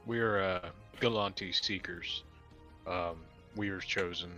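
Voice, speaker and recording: A man playing a character in a tabletop game, speaking quietly and hesitantly. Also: low voice, fairly even intonation, slow, muffled recording, soft background music. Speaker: player.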